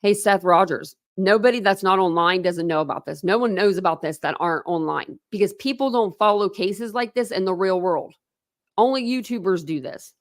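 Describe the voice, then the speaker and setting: A woman's voice: mid-range voice, normal speed. Woman, true crime YouTuber, indignant, exasperated, reads documents aloud and talks back at them. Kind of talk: reading court documents aloud with heated commentary.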